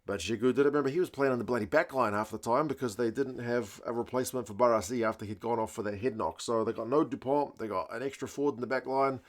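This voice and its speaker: A young man talking through a rugby match in a relaxed, chatty way. His voice sits at an ordinary middle pitch. He speaks casually, with filler words and bits of mild slang. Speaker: rugby channel host.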